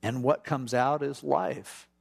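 Gravelly-voiced man teaching casually. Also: medium pitch, steady tone, soft background music. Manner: informal, acts out prayers in quick asides. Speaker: pastor. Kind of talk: conversational Bible teaching.

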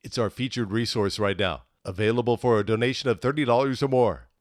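A male radio announcer giving a smooth, steady scripted read. His voice is mid-pitched and recorded dry and close, with no room sound at all. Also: brisk, dry recording.

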